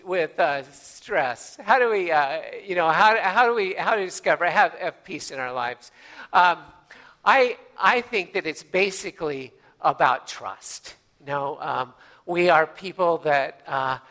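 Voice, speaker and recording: High-voiced bright male pastor, chatty sermon. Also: long reverb tail. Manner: folksy, conversational, many fillers and restarts.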